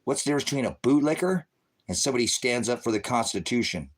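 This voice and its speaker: A middle-aged man with a mid-range voice rants animatedly and fast on a livestream. He's confrontational, sarcastic and preachy, swapping insults with viewers while calling them brothers and sisters in a heated rant.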